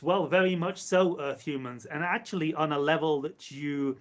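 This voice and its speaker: Man channeling an entity, measured and repetitive. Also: on the high side. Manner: measured, repetitive phrasing, speaks as "we". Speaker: channeler speaking as a collective entity. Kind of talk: live channeling session. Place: live stream.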